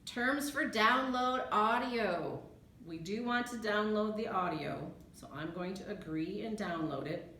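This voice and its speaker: A woman's voice: mid-range voice, measured pace, sharp tone. A woman librarian giving a chatty screen-share tutorial, thinking aloud as she clicks through a research tool. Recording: echoey room.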